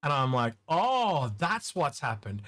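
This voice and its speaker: A man's voice: on the high side, big pitch swings, slow pace, fairly bright tone, no echo. Man, Tasmanian accent, casual stream co-host, rambling, repeats words, dry close sound. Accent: Tasmanian Australian. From Tasmania, Australia. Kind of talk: casual chat.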